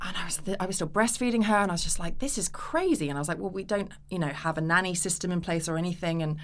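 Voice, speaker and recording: A woman's voice: lowish voice, rapid-fire. A woman, telling stories as a guest on a casual podcast interview and acting out the voices she quotes. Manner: animated storytelling, acts out quoted voices. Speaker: actress guest.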